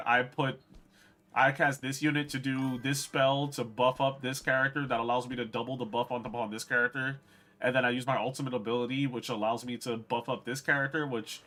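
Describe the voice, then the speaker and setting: A man's voice: medium pitch, sharp tone. A man streaming a game, chatting casually and profanely to his viewers. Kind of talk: casual gameplay commentary.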